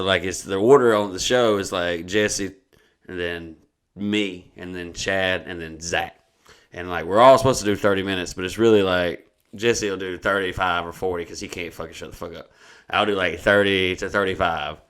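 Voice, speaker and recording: A man's voice: low voice, steady tone, normal speed, fairly bright tone, clear, resonant tone. A man telling a long, profane, rambling story in casual podcast talk. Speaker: comedian.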